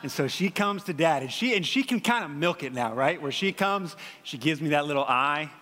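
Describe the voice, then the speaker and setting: Pastor, man, 30s: bright, forceful and a touch high; casual, animated preaching, echoing through a big hall. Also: moderate pace. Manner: conversational, animated storytelling with frequent fillers. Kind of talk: sermon.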